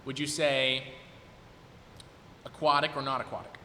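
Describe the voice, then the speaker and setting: On stage in a recital hall, a performer in his twenties talks casually to the audience, hesitating and thinking aloud. His bright, forward voice is medium-pitched, flat, and unhurried, ringing with long reverb over a faint hiss.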